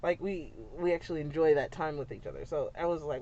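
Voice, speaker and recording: A young woman, a mother, telling a family story in a chatty, animated way, with many fillers and frequent laughs. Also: deep voice, normal speed. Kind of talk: casual storytelling vlog. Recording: dull lo-fi sound.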